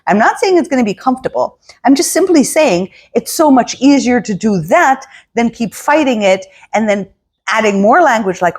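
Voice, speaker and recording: Lively, breathy-voiced woman coaching. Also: fairly high pitch, normal speed. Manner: animated, acting out inner voices in quotes. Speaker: spiritual coach. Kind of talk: casual motivational talk.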